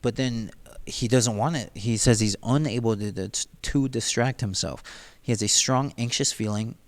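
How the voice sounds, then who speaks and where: A man's voice: medium pitch, normal speed. A man casually reading through a novel and talking it over, rambling and slangy, with lots of "like" and "dude". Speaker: book reader and commentator. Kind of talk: casual book read-through commentary.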